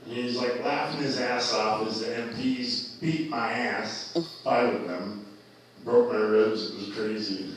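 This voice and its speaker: A man's voice: fairly low pitch, fairly even intonation, a little slow. A man telling a rowdy personal story in casual chat, loose and profane, often laughing as he talks. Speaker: storyteller guest. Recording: very echoey, distant mic.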